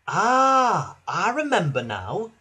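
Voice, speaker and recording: A cheeky bus teases in a cocky, bright voice, as a man puts him on. His pitch sits high, with a slightly husky edge. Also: huge pitch swings, takes it slowly, exaggerated voice. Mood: friendly. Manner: cocky and teasing.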